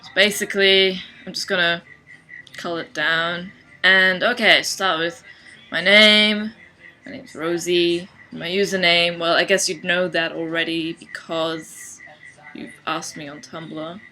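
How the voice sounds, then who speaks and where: A young woman from Sydney with an Australian accent, talking casually to her camera in a deadpan, dry way. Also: lowish voice, slow pace, rough recording. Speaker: vlogger. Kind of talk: casual accent-challenge video.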